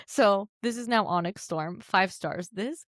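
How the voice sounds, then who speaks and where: A woman co-hosting a podcast, reading reviews aloud in casual chat, animated, laughing often and swearing freely. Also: medium pitch, unhurried, dry recording, studio quality. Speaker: podcast co-host.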